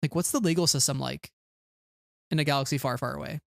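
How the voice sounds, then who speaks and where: A man's voice: on the high side, fast talker, creaky, a bit bright, dry recording, studio quality. A man co-hosting a podcast in casual chat, thoughtful and earnest, sometimes hesitating over his words. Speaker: podcast co-host.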